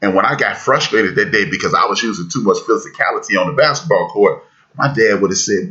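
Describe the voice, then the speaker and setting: A man hosting a podcast discussion, talking in an emphatic, preacherly way that builds to loud peaks. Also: lowish voice, fairly quick, dull audio. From United States. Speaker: podcast host.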